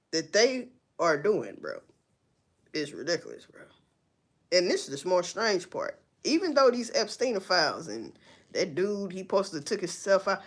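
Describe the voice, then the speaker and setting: A woman hosts a casual livestream, talking at a middling pitch. Her voice swoops widely up and down as she rants, firing off blunt, profane rhetorical questions. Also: very animated, normal speed, a bit bright. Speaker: livestream host.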